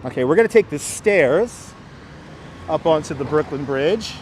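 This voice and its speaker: A man's voice: on the high side, lively intonation, normal speed, darkish tone. A middle-aged man from New York with a light New York accent, chatting to viewers and answering their comments as he walks city streets, on a wireless clip-on mic. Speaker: livestreamer. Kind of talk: walking livestream chat. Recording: faint street noise outdoors.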